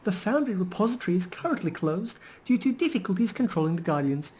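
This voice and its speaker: A man's voice: high voice, sing-song, fast talker, a little mellow, a little hiss or hum, voice pushed up. A man voicing a golem guardian in its second, official-sounding voice, reading out a closure notice. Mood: formal.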